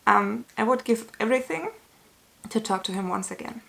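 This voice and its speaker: A woman talking to camera as a YouTuber in a candid, earnest way, with slow, searching phrasing and small restarts, sometimes emotional. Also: on the high side, lively intonation, gravelly, a bit bright. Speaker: YouTuber answering a tag. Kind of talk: casual talk to camera.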